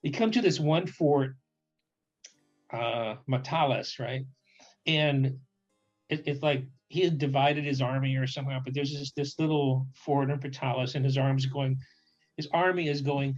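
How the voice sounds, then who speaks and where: A man casually telling a history story with humor, acting out characters' lines in quick voices. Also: medium pitch, dull audio, soft background music. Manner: animated, acts out quotes in voices, restarts often. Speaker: podcast co-host.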